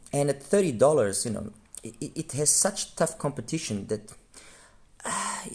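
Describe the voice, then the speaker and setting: A man's voice: mid-range voice, darkish tone. A man giving a frank, rambling review of audio gear, often stopping to correct himself mid-sentence. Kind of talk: unscripted review monologue.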